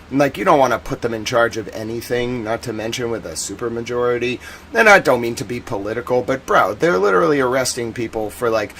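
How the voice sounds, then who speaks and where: A man's voice: mid-range voice, a little hiss or hum. Rambling American man hosting a live stream. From United States. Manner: rambling, chatty, slangy, with bursts of loud indignation. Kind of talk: casual live-stream commentary.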